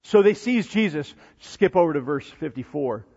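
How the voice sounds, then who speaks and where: A man preaching a sermon, swinging between loud, emphatic passages and low, hushed ones. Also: normal speed, few pauses, breathy edge. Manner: animated preaching, rising to near-shouts then dropping low and soft. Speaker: pastor. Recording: dull lo-fi sound in a reverberant hall.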